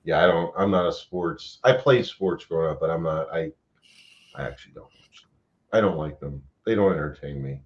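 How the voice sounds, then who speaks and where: A man's voice: very deep voice, moderate pace, lo-fi sound. A man chatting casually as host, telling a story animatedly and swearing freely. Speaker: paranormal investigator host. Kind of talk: casual chat.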